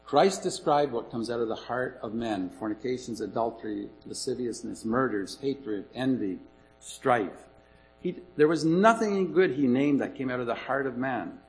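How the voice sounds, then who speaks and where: A man's voice: medium pitch, lively intonation, normal speed, faint music behind, poor audio. A man preaching a sermon in an earnest, emphatic way, repeating his key points.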